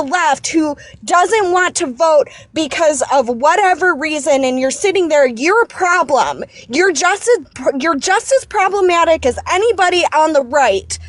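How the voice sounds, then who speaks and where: A woman's voice: sits high, animated, unhurried, hardly any pauses, dry recording. A woman calling into a live stream, speaking in an impassioned political rant, angry and shaken, repeating herself and restarting her sentences. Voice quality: emphatic, repeats herself, restarts when upset.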